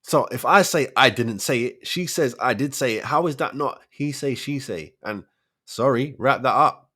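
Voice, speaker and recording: Animated man in his forties. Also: mid-range voice, normal speed, breathy edge. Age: 40s. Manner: animated, rhetorical questions, street slang. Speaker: host of a debate show. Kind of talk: casual solo commentary.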